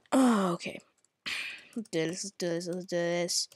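At home, a woman gamer narrates her own gameplay live, shifting from low muttering to herself to angry, exasperated yelling at opponents with mild cursing. She talks at normal speed with long pauses, and the recording is dry with clean studio sound.

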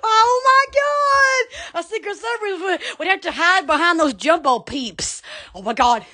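A woman with a Southern US accent from Alabama, hosting a live stream in excitable, gushing casual chat full of exclamations and laughter. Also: very high-pitched, moderate pace.

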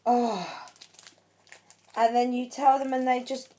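High, slow-talking woman, emotional and thankful. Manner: shaky with excitement. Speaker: craft channel vlogger. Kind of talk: unboxing vlog chat.

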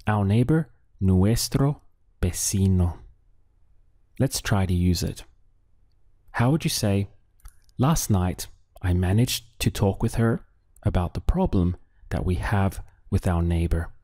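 Slow, deep-voiced male language teacher. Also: animated, dark tone, dry recording, clean studio sound. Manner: slow, patient, with drill pauses. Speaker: Spanish teacher. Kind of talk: audio language lesson.

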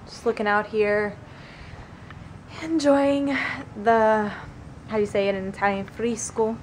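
A woman's voice: mid-range voice, steady tone, measured pace, darkish tone. A woman filming a casual home vlog, cooing in baby talk to her little daughter and her dogs. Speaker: vlogger and mother. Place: family home, porch then indoors. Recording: noisy home video.

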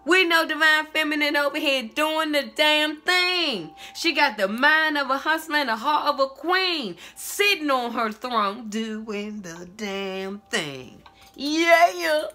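Female tarot reader, emphatic and sassy, fairly high and bright. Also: measured pace, hardly any pauses. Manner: sassy, emphatic, repetitive call-outs. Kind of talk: tarot reading monologue.

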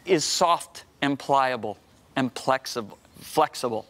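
A middle-aged man guests on a Christian TV show in a studio, preaching his testimony as an energetic personal story. His mid-pitched voice is fairly bright and measured in pace, and he repeats words and acts out conversations as he goes.

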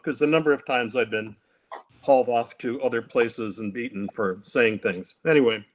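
An older man speaks as a guest on a discussion panel. His voice sits at an ordinary middle pitch. He tells his story in a vivid, animated way and acts out the quotes. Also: normal speed. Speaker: panel guest recounting captivity.

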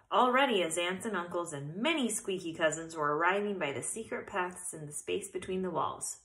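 A woman reading a children's storybook aloud in an expressive way, sometimes correcting herself as she goes. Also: lowish voice, low-quality recording. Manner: expressive, occasional self-corrections. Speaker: narrator.

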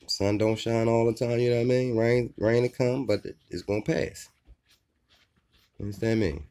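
A man's voice: mid-range voice, fairly even intonation, moderate pace, mellow, clear, resonant tone. A man in a laid-back, joking vlog chat with his viewers about his dogs, often checking in with "you know what I mean". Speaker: dog owner and vlogger.

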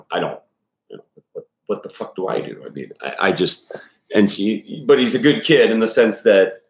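Deep-voiced man reading a novel aloud. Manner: casual, profane asides with many fillers. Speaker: audiobook reader and commentator. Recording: echoey room.

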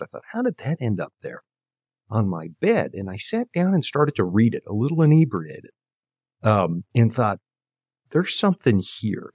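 A man's voice: fairly low pitch, darkish tone, no room sound, clean studio sound. A man in his fifties from Canada, telling his faith story as an interview guest and acting out the voices he quotes. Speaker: guest preacher. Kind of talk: personal testimony in conversation.

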